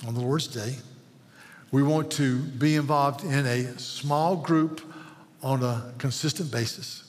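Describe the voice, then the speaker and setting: A man preaching a sermon as pastor, earnest and pleading, often repeating words as he builds. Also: mid-range voice. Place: church sanctuary. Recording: long hall reverb.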